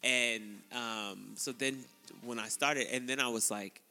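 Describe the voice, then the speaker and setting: A man co-hosting a podcast, telling a story in casual chat, laughing often and acting out quotes in a high voice. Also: fairly even intonation, a little slow, pushed and bright, in a large hall, soft background music. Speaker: podcast co-host.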